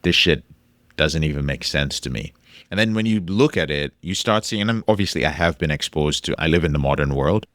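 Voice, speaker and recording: On his own podcast, this man coaches people in recovery through an emphatic monologue full of repeated key phrases and casual swearing. His voice is extremely low yet a bit bright, captured without any room sound.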